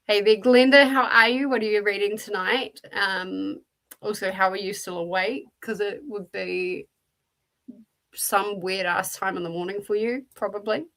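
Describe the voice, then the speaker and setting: A woman with a New Zealand accent hosts a relaxed livestream, her voice carrying a gravelly, fry-touched edge. She chats loosely and greets viewers one by one as she reads and answers their messages. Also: mid-range voice, unhurried. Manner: chatty, greets viewers by name and answers chat. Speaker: livestream host. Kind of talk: casual livestream chat.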